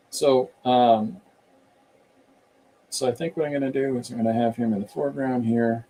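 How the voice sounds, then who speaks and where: A man's voice: medium pitch, fairly even intonation, moderate pace, long pauses, dark tone, low-quality recording. A man chatting casually and rambling while he draws on a live stream. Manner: rambling and chatty, slips into voices. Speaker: artist streaming while drawing.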